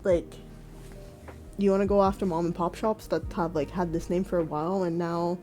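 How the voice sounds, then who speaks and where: Woman streamer, casual rant, swears freely, mellow voice. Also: fairly low pitch, steady tone, moderate pace, soft background music. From Quebec, Canada. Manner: ranting, profane, many fillers. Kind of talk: casual chat.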